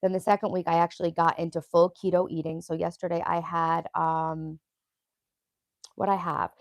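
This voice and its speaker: A young woman hosting a casual livestream, chatting loosely and stopping to answer her viewers' comments. Her lowish voice has a gravelly edge. The sound is close and dry, with no room around it. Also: little pitch movement, moderate pace, no room sound. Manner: chatty, rambling, reads and answers chat. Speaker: livestream host.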